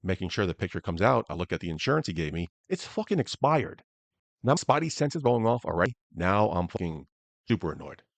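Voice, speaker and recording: Angry deep-voiced man telling a story. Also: expressive, quick pace, vocal fry, hardly any pauses, no echo. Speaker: podcast host. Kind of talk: solo storytelling podcast.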